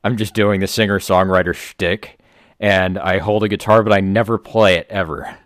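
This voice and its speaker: A man co-hosting a comedy podcast, telling rambling stories in a deadpan way. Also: low voice, moderate pace, no echo, clean studio sound. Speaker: podcast co-host. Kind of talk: casual comedy podcast chat.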